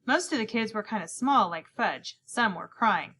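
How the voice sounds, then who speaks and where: With a bright, pushed, medium-pitched voice, an animated female narrator reads a children's novel aloud at a moderate pace. In this scripted audiobook narration she speaks as a young boy in the first person and gives voice to each character's lines.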